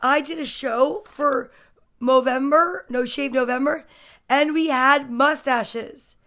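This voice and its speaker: A woman's voice: high-pitched, slow, sharp tone. A woman hosting a casual storytime livestream, chatty and gushing, greeting viewers by name between books. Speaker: storytime host. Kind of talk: casual livestream book reading.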